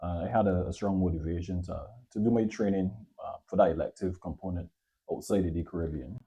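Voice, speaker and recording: A man from Barbados, a surgeon, answering interview questions in a measured, thoughtful way with frequent pauses and fillers. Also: low-pitched, dark tone, breathy edge, highs cut off. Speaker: surgeon, guest. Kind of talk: conversational interview.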